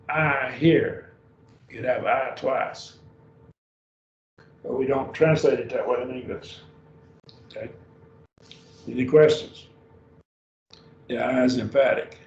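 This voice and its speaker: A man's voice: medium pitch, darkish tone, slight background noise. A man teaching a beginning Greek class at a church, patient and often checking whether students follow. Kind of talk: classroom lesson. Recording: dull roomy sound from far off.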